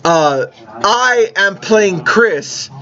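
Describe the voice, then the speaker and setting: A man's voice: high-pitched, sing-song, extremely slow, a crowd in the background. A man hosting a fantasy football podcast, leading segments in a laid-back way. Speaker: podcast host, league commissioner. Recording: dull lo-fi audio.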